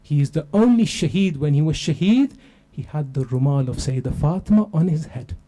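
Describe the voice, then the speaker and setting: High-voiced man preaching with passion. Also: lively intonation, brisk, dark tone. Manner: impassioned, building to a lamenting cry. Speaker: lecturer. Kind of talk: emotional religious sermon narration.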